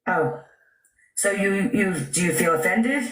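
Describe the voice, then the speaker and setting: A woman hosting a casual live stream chat who laughs often and talks in an animated way. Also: mid-range voice, unhurried, over a noisy crowd.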